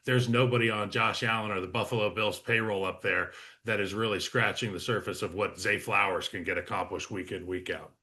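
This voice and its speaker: Bright-voiced male football analyst. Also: lowish voice, fairly even intonation, brisk, few pauses. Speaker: football analyst, former player. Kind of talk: sports talk show.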